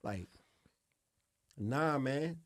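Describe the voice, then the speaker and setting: A man's voice: mid-range voice, animated, extremely slow, no echo. Laid-back middle-aged man telling studio stories. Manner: laid-back, profane, often adds "you know what I'm saying". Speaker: music producer, interview guest. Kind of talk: casual interview storytelling.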